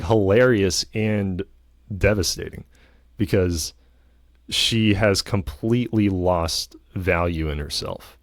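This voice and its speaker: Low, slow-talking man. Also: dry recording, studio quality. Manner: rambling, lots of fillers and hedges. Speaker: vlogger. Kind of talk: casual film review.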